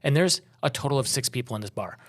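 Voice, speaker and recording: A man's voice: mid-range voice, animated, quick pace. A middle-aged man from Minnesota co-hosting a travel podcast, telling stories in a rambling casual chat. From Minnesota, USA. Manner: rambling, storytelling with restarts.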